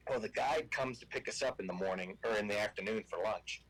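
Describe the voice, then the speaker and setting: A man's voice: fairly low pitch, quick pace, low-quality recording. A man telling a funny hunting anecdote as a guest on a casual show. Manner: animated anecdote teller. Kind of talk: casual storytelling.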